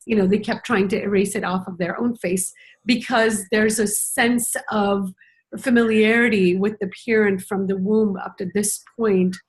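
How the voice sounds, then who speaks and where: A woman's voice: medium pitch, fairly even intonation, normal speed. A middle-aged woman speaking as a parenting educator in a conversational conference talk, reflective and earnest, with many "you know" fillers.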